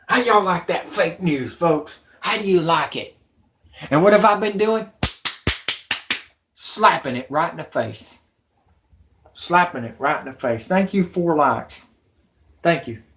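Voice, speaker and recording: A man in his thirties hosting a live stream, rambling and growing agitated, with shouty outbursts. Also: a little high.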